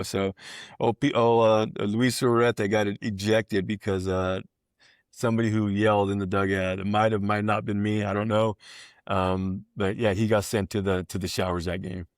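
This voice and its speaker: A middle-aged man, a baseball coach, telling an animated story as a podcast guest and jumping into squeaky voices for the people in it. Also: normal speed, no room sound, clean studio sound. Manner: animated anecdote teller, voices others with high squeals. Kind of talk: casual storytelling.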